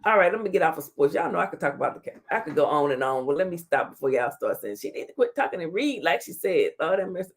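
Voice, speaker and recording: A woman with a low-pitched, sing-song voice talks fast with few pauses as she hosts a casual live-stream talk show. She reads comments aloud and trash-talks playfully, laughing and using Southern slang such as "child" and "honey."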